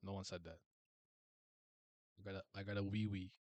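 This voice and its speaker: A man's voice: sits low, flat delivery, moderate pace, a little mellow, no echo. A man hosting a casual livestream chat, rambling with lots of restarts and laughter. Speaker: livestream host.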